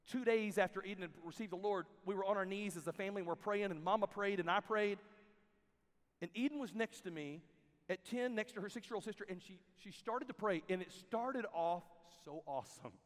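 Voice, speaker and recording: Youth camp preacher guy, highish voice, goes quiet then loud, big echoey hall. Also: a little fast. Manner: storytelling, swings from hushed to loud and emphatic. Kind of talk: sermon. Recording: reverberant hall.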